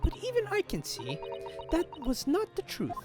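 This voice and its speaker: A man voicing a polite young woman assistant from a courtroom video game, earnest and gently questioning. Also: very high-pitched, wildly swooping pitch, moderate pace, music in the background, voice pushed up, exaggerated voice.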